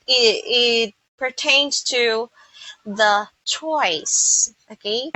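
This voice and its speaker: A woman's voice: fairly high pitch, bright, forceful tone, no echo, low-quality recording. A woman from the Philippines with a Filipino English accent, giving a patient, explanatory English lesson and often checking that listeners follow. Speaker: English teacher.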